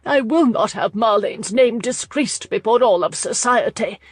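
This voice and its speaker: A woman's voice: on the high side, measured pace, husky, dry recording, clean studio sound, soft background music. A woman reader voicing a haughty, scornful older aristocratic lady with a spiteful edge.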